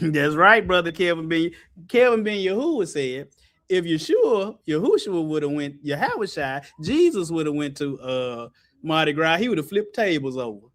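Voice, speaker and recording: A man preaches in a high voice that swings all over. He is loud and colloquial, laughing and breaking into shouts. His pitch leaps from line to line. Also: sing-song, moderate pace. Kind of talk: animated sermon with scripture call-and-response.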